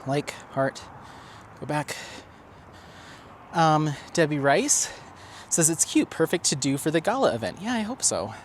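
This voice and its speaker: A man's voice: on the high side, expressive, unhurried, long pauses, slight background noise. A man vlogging while he walks his dog outdoors, chatting loosely and reading viewer comments aloud, with lots of fillers and restarts. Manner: talking while walking a dog. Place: outdoors on a neighborhood street.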